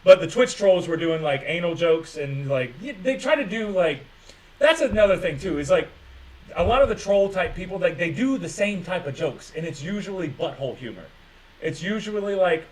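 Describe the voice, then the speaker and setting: A man talks casually on a livestream, his voice sitting a little high for a man. He rambles, swears freely, drips sarcasm and reads out viewer comments as he goes. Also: animated, a little fast, low-quality recording. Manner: profane, sarcastic, mocking voices of others; reads viewer chat aloud. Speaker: livestream host.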